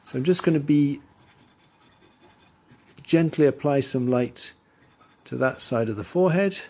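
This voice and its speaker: A man teaching drawing, talking through his steps as he works and trailing off quietly into asides. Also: medium pitch, measured pace. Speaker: art teacher. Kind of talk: drawing tutorial voice-over.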